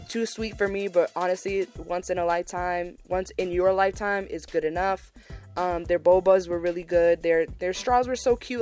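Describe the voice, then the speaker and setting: A young woman with a fairly low voice chats casually through a solo podcast recap. She gushes and repeats words for emphasis. Soft music plays faintly under her talk. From Massachusetts, USA. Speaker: podcast host.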